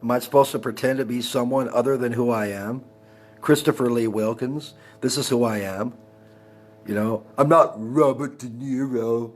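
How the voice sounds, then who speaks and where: A man's voice: mid-range voice, fairly even intonation, normal speed. A man in his forties from Texas, hosting a heated, profane rant on his live stream. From El Paso, Texas. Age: 40s. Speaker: livestream host.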